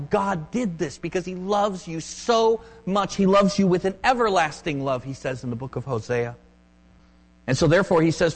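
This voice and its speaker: A man preaching a sermon, rising to loud emphatic peaks and dropping to hushed, slowed asides. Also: on the high side. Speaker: pastor. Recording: long hall reverb.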